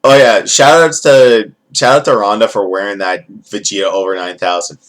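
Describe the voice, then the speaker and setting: A man's voice: lowish voice, fairly even intonation, moderate pace. A man giving a rambling, profane, jokey recap as a casual wrestling event reviewer.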